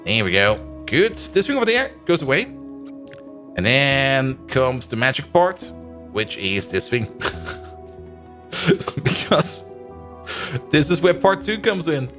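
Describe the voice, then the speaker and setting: A man's voice: mid-range voice, big pitch swings, slow, pauses often, a bit bright, faint music behind. A man streaming a game live, chatting and thinking aloud as he plays and laughing often. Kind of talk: live stream commentary while playing.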